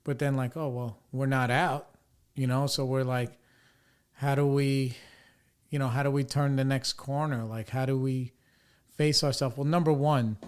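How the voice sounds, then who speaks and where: A man's voice: mid-range voice, little pitch movement, normal speed, a little mellow, clean tone. A male podcast host in casual chat, laid-back and encouraging, swearing now and then.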